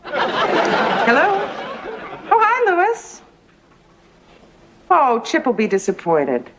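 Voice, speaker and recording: A woman's voice: fairly high pitch, huge pitch swings, drawn-out words, crowd noise, heavily acted. An actress playing a sardonic woman with a dry, sarcastic way of talking, in a sitcom with noisy old TV audio. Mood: wry. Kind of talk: sitcom acting.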